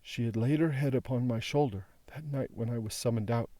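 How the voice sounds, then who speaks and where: A man reading the part of a frail old former prisoner, who speaks slowly, haltingly and mournfully. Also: mid-range voice, dark tone, dry recording, close to an everyday voice. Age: older.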